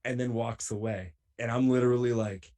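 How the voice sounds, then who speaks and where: Here a professional wrestler on a guest spot tells an animated road story in a medium-pitched voice at ordinary speed, acting out what the other people said.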